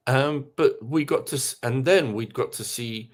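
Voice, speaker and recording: A hesitant man with a middle-pitched voice works through his thoughts in halting restarts. He is co-hosting a casual podcast chat. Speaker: podcast co-host.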